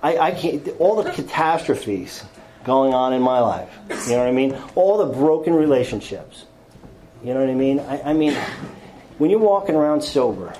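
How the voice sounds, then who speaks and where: A man telling his own recovery story to an audience in a rambling, self-deprecating way, full of restarts and quick impressions of other people. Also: medium pitch, animated, warm tone, poor audio. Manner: acts out others with quick quoted voices. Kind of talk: personal recovery talk to an audience.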